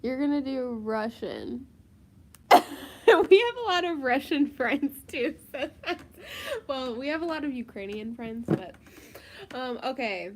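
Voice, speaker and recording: A woman's voice: sits high, lively intonation, measured pace. A woman co-hosting a casual live Q&A, giggly and teasing, reading out viewers' questions. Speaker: co-host of a couple's live Q&A. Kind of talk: casual live-stream chat.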